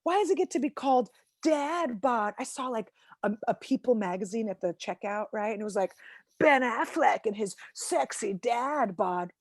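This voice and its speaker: Animated high-voiced woman doing stand-up. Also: measured pace, dry recording, studio quality. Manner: exasperated, animated storytelling with acted quotes. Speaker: headlining comedian. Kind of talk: stand-up comedy over a video call.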